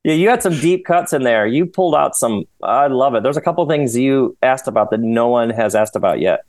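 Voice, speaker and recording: A man talking as a podcast guest, rambling and animated, often laughing as he goes. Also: mid-range voice, fairly quick, no room sound. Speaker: author and guest. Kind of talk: casual podcast conversation.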